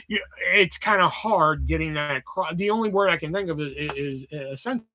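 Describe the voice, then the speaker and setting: A livestream host rambles casually through work stories, swearing often and restarting sentences. His voice is a little high, bright and forceful, moving a little fast with few pauses.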